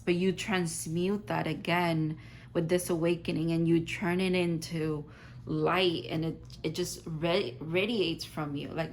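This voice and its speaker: A woman's voice: lowish voice, a little hiss or hum, poor audio. A woman giving a casual, rambling tarot reading to her viewers, full of "like" fillers and effusive reassurance. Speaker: tarot reader.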